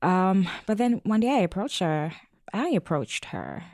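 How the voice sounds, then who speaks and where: A woman speaking earnestly in a casual podcast conversation, pausing thoughtfully with fillers as she tells a family story. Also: mid-range voice, big pitch swings, darkish tone, no room sound, clean studio sound. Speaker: podcast guest, parent.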